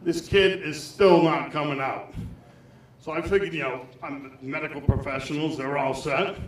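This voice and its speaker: High-voiced man doing crude stand-up. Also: fairly even intonation, moderate pace. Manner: crude, rambling storytelling. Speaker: stand-up comedian. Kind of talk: stand-up comedy set. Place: small club stage. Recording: echoey club heard from far off.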